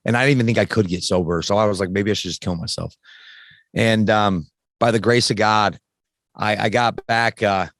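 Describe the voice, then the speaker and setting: A man in his thirties speaks in a fairly low voice, recorded dry and close with no room sound. He tells a personal story casually and bluntly, with frank swearing and frequent restarts. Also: fairly even intonation, fairly quick, a bit bright, dry recording. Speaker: podcast guest. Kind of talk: candid personal story in conversation.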